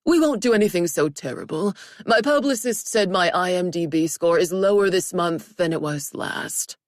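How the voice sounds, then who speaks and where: A woman's voice: fairly low pitch, lively intonation, moderate pace, no room sound, clean studio sound, natural voice. A woman voicing a vain, self-absorbed male celebrity boss who talks in a commanding, dismissive way. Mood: bossy.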